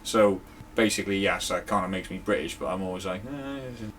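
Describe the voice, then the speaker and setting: A man's voice: deep voice, little pitch movement, quick pace, very noisy. A young man in casual podcast banter, blunt, sweary and grumbling. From Wales. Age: young adult. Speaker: podcast co-host.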